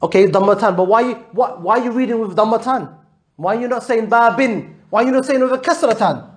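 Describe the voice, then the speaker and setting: High-voiced man teaching an Arabic class. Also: lively intonation, a little fast, a little hiss or hum. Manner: patient, drills students with repeated questions; mixes English with Arabic terms. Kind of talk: live classroom lesson.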